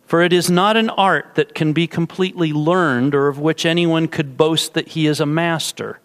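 A male pastor giving a sermon and closing in prayer, with slow, measured phrasing and drawn-out emphasis. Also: fairly high pitch, steady tone, fairly bright tone.

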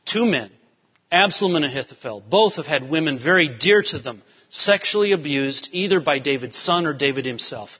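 A pastor preaching a sermon with emphatic, rising urgency. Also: male voice, fairly high pitch, animated, moderate pace, husky. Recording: dull sound with long hall reverb.

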